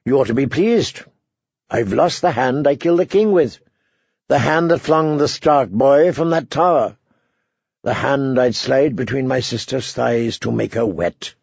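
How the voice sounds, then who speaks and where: A man voicing a proud, bitter, maimed male knight who talks in a sardonic, mocking way with a gravelly voice. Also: mid-range voice, unhurried, a little mellow, no room sound. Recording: dull dry lo-fi recording.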